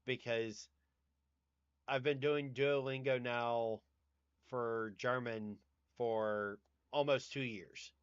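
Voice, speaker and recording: Slow-talking Southern US man. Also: medium pitch, steady tone, clear, resonant tone, no room sound, muffled recording. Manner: rambling, swears casually. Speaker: livestream host. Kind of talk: casual chat.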